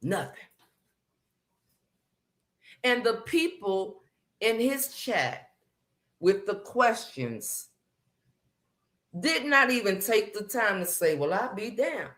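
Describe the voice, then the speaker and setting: A woman in casual chat, talking sassy and emphatic. She hammers her points home by repeating them and swinging her pitch high and low. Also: big pitch swings, slow, pauses often, fairly bright tone. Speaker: commentary livestream host. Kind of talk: casual chat, drama commentary.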